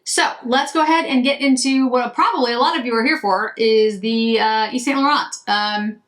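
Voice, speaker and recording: A woman's voice: fairly high pitch, moderate pace, fairly bright tone. A woman beauty vlogger chatting casually to camera while doing her makeup, rambling and breaking off mid-sentence. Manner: chatty, rambling, self-interrupting.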